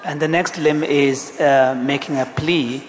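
A man's voice: fairly high pitch, fairly even intonation, unhurried. A man interpreting a Buddhist teaching, hesitant, with many ums and uhs. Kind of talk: interpreting a dharma talk. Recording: long hall reverb, faint noise.

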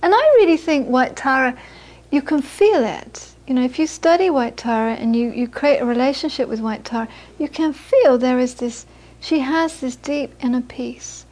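A woman with a high-sitting, slightly mellow voice gives a dharma talk at a moderate pace with few pauses. As a Buddhist teacher addressing a small audience, she tells anecdotes and repeats words as she looks for phrasing.

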